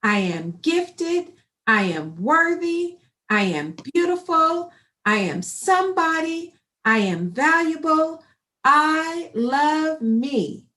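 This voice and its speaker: A woman's voice: sits high, expressive, slow pace, few pauses. A woman voicing a sad, hopeful little girl in a storybook, pleading and affirming in turns. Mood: triumphant.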